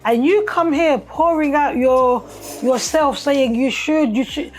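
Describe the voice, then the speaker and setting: A woman's voice: sits high, measured pace, faint music behind. A woman co-hosting a casual talk show, chatting and laughing often, tagging her sentences with "yeah". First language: Lingala or French. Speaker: podcast co-host. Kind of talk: casual chat.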